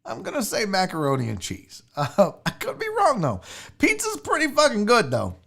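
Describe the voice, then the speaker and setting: A man's voice: high-pitched, wildly swooping pitch, normal speed, gravelly, a bit bright. A man hosting a casual sports livestream, rambling, jokey and profane, fiddling with his screen as he talks. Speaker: sports show host.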